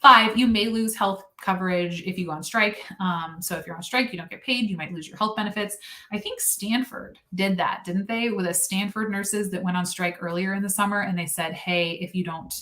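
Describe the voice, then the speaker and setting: A woman's voice: medium pitch, brisk, pushed and bright. A young adult woman, a nurse, hosting a casual livestream chat, chatty and sarcastic with frequent laughs.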